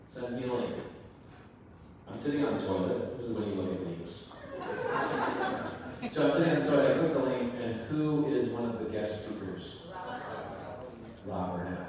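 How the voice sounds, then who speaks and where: Man, motivational storyteller, lively and chatty, heavy room echo, far from the mic. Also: mid-range voice, a little hiss or hum. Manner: energetic, conversational, acts out the quoted dialogue. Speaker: event speaker. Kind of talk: motivational storytelling talk to a live audience. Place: large hall before an audience. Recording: echoey hall, distant mic, faint ambience.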